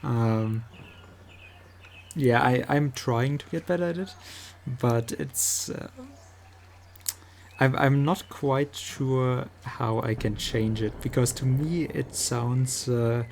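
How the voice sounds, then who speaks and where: A streamer with a heavy German accent chats in English, his second language, as he games. His mid-range voice is gravelly and mellow, and his easygoing, unhurried speech is halting, with frequent pauses while he hunts for words. There's a slight hiss or hum in the audio.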